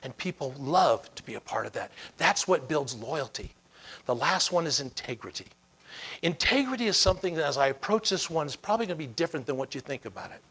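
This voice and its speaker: A man's voice: a little high, lively intonation, a little fast, a bit bright, breathy edge. A man giving a motivational keynote speech, telling stories emphatically and acting out dialogue. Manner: emphatic storytelling with acted dialogue. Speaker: keynote speaker.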